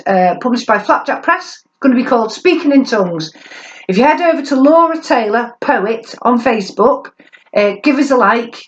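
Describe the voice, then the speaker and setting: A woman performance poet delivering a spoken word set with a sardonic, lively manner and the odd laugh. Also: a little high. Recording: dull lo-fi recording.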